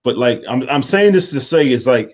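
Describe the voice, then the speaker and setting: Streetwise male guest, laid-back, chatty with lots of fillers, mid pitch. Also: expressive, normal speed, a little mellow. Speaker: guest, media and water business owner. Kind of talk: casual chat. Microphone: call-in line.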